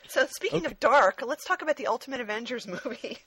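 A woman's voice: a little high, animated, fast, a bit bright, a little hiss or hum. Frank, chatty woman reviewing a movie. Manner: frank and chatty, swears freely, many ums. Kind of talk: casual review chat.

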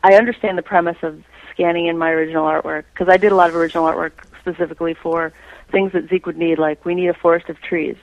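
A woman's voice: on the low side, steady tone, quick pace, no room sound, dull audio. A woman being interviewed about her own artwork, chatting casually and breaking into playful impressions. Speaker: creator and artist being interviewed.

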